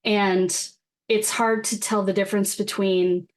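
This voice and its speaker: A woman's voice: medium pitch, steady tone, unhurried. Woman, podcast co-host, casual chat, wry, profane, laughs often, mid-range voice.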